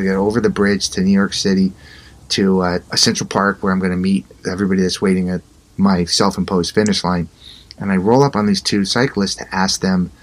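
A middle-aged man, an interview guest, telling a personal story in a conversational way and acting out the dialogue with animation. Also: deep voice. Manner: animated, acts out both sides of dialogue.

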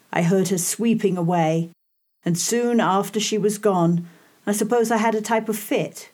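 A woman narrating a novel in the first person, with a hushed, dramatic delivery. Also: mid-range voice. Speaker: audiobook narrator.

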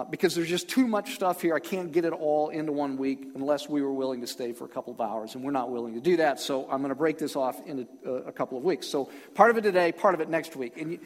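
Animated preacher with a high, lively voice. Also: male voice, in a large hall. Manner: emphatic, calls on the congregation to respond. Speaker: pastor. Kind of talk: sermon.

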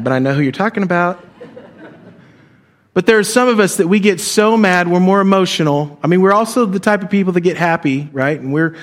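Man preaching a sermon, kinda higher voice, chatty storytelling style, keeps asking the crowd questions. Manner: conversational, questions the congregation. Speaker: pastor.

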